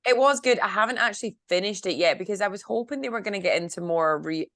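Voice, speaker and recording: A woman co-hosting a casual reality-TV podcast, enthusiastic and animated, acting out quotes. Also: medium pitch, fast, no room sound, clean studio sound. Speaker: podcast co-host. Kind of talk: casual chat.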